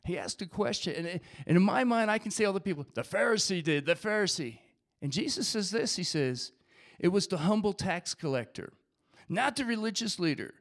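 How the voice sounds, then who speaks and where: Animated high-voiced male preacher. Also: fairly quick. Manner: animated, reads scripture aloud and acts out voices of the crowd. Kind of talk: sermon.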